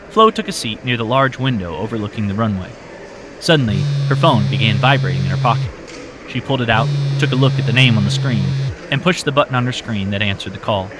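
A man reading a story aloud as narrator in a steady, measured way. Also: fairly low pitch, a little hiss or hum. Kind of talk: audiobook narration.

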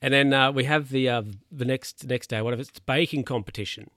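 A man's voice: medium pitch, fairly even intonation, fast, fairly bright tone, dry recording, clean studio sound. Rambling man recapping a film. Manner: rambling, filler-heavy, self-correcting.

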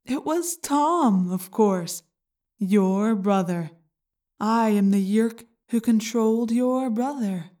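A woman voicing a gloating male alien parasite in an audiobook, slow and mocking. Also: on the high side, warm tone, recorded from a distance. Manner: slow, taunting, smug. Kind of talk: audiobook character reading.

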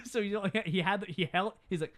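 A man's voice: high-pitched, fairly bright tone. A young man in casual chat, retelling a film scene by scene and quoting characters in changing voices. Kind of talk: casual movie recap chat.

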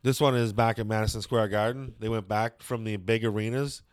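A man's voice: lowish voice, fairly even intonation, brisk, no room sound, studio quality. A man chatting casually and opinionatedly as a show host, rambling with lots of fillers and some swearing.

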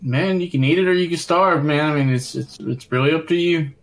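A man with a slightly high voice playing a tabletop game. He speaks casually and offhandedly, with playful menace when he is in character. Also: a little fast. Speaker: player.

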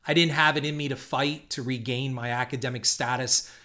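A man's voice: medium pitch, fairly even intonation, a little fast, pushed and bright. A middle-aged man hosting a podcast, telling a personal story in a candid, reflective way with the odd curse word. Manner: candid, reflective, occasional swearing. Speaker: podcast host.

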